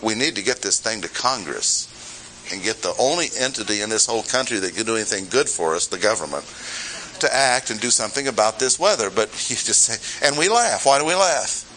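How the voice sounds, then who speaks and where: A man delivers a sermon with a bright, forceful voice. He moves easily between scripture and folksy asides and asks his listeners questions. A faint hiss of noise sits behind him. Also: fairly low pitch, a little fast, low-quality recording. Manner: conversational, with rhetorical questions and humorous asides. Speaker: preacher. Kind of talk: expository sermon.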